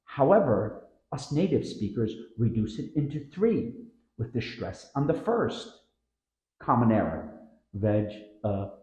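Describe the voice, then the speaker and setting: A man's voice: mid-range voice, sing-song, a little mellow, roomy sound, highs cut off. A man narrating a scripted pronunciation lesson, drawing out the words he models. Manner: slow, drawn-out model words with stressed syllables. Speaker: pronunciation teacher.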